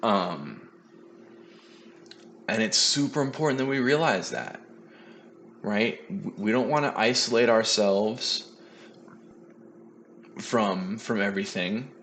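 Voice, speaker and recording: A man sharing a personal story of a dark time, halting and full of fillers and restarts. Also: fairly low pitch, animated, slight background noise. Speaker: podcast host sharing his story.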